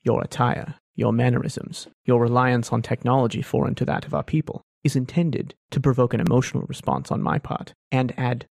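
A tabletop player voicing a calm, calculating male alien commander in a low, formal, whispery purr. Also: vocal fry, no room sound, studio quality. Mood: measured. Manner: slow, measured, formal.

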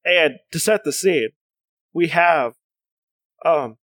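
A man's voice: a little high, slow, fairly bright tone, dry recording, studio quality. A man co-hosting a casual chat, hesitant with many fillers and restarts.

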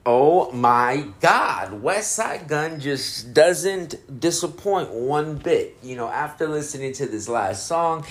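A man hosting a casual podcast, stoned and laid-back, rambling and laughing often as he talks about music. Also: fairly high pitch. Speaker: podcast host reviewing music. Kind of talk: casual chat.

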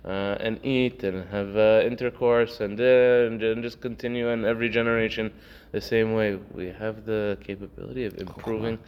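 Low-voiced man telling Torah stories. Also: level tone, moderate pace, hardly any pauses, clear, resonant tone. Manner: storytelling, acts out characters, many fillers. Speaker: Torah teacher. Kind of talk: casual Torah class. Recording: dull lo-fi recording with faint noise.

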